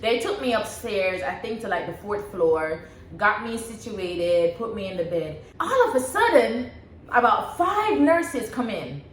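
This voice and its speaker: A young woman vlogger casually telling a personal story, animated and laughing often as she acts out what she said. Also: medium pitch, unhurried. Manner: animated, laughs often, reenacts her own past words. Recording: echoey room with faint background hum.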